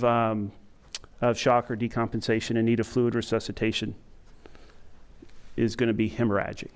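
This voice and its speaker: A middle-aged man giving a training lecture to emergency medical staff, talking in a self-described monotone and pausing often with fillers. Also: mid-range voice, clear, resonant tone. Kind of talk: conference lecture to EMS staff. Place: lecture room with an audience.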